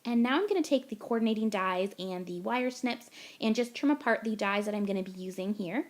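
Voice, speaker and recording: A woman's voice: mid-range voice, a little fast. A young woman from Canada, gushing and chatty as she talks through a card-making tutorial voice-over step by step.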